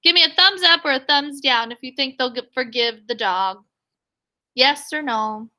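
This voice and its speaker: A woman with a high, very bright voice teaches a reading lesson over a video call. She reads a picture book aloud in an animated way and asks her class questions. The sound is that of a video call. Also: moderate pace.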